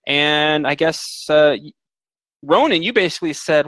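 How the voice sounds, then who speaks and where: A man's voice: a little high, expressive, moderate pace, a bit bright, no echo. A man running a tabletop game as game master, rambling with fillers and restarts.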